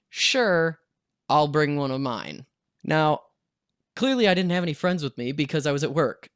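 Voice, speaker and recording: A man's voice: medium pitch, a bit bright, clear, resonant tone, no echo, studio quality. A young man telling a story in a casual storytime vlog, acting out what people said. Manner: casual storytelling, acts out quotes. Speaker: vlogger.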